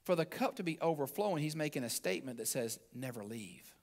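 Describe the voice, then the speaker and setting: A man preaching a sermon as pastor, emphatic, with conversational asides to the congregation and phrases that drop low at their ends. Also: animated, fast talker, vocal fry, a little mellow. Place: church sanctuary.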